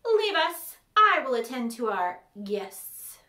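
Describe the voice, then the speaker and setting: A woman voicing a cold, imperious young girl with a breathy, curt manner. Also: high voice, big pitch swings, slow pace, bright, forceful tone, echoey room, full character voice.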